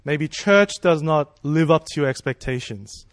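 A man's voice: fairly high pitch, lively intonation, unhurried, no room sound, studio quality. A man preaching a sermon in a casual, conversational way, asking rhetorical questions and checking in with "right?" and "you know".

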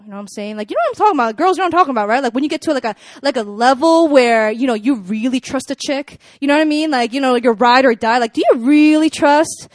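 A young woman speaking to a live audience in a casual sermon style, chatty and animated, with lots of "like" and "you know.". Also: high-pitched, fast, no echo, studio quality. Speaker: speaker at a church gathering.

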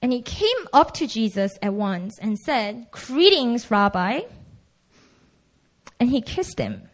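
A woman's voice: fairly high pitch, very animated, a little slow, darkish tone. A woman preaching a sermon in a casual, conversational way, acting out the quoted lines.

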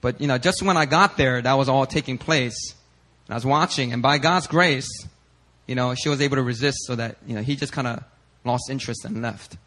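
A young male pastor telling a lively, casual story in a sermon, slipping in Korean phrases. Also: medium pitch, a little fast.

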